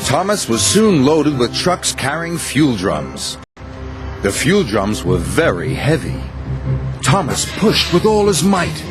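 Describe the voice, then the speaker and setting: Slow, lively male storybook narrator. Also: medium pitch. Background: music.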